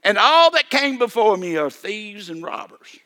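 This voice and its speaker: An older man delivers a sermon in a high, bright voice. He repeats himself, restarts phrases and keeps calling for amens. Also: very animated, measured pace. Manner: repetitive, stammering restarts, calls for amen. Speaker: preacher.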